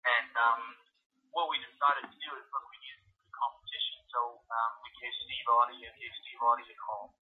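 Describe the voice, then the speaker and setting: A man's voice: mid-range voice, steady tone, moderate pace. Man on a tinny phone line. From Canada. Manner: rambling, many ums and uhs. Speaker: ice hockey league commissioner, interview guest. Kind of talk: casual interview storytelling.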